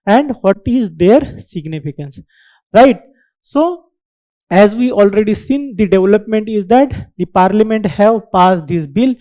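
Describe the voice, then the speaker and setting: A woman teaches an exam-prep lesson at an unhurried pace. Her voice is mellow and dark-toned. She stresses key terms, repeats them, and keeps asking "right?" to check that her listeners follow. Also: medium pitch. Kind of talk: current affairs lecture.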